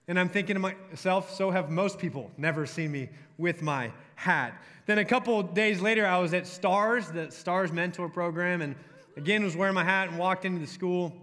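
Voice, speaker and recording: A young man with a Texan drawl delivers a sermon to a room of college students, his voice high and bright. He tells stories and jokes with the crowd. The sound rings with the long reverb of a large hall. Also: normal speed. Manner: storytelling, joking with the crowd. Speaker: college ministry pastor.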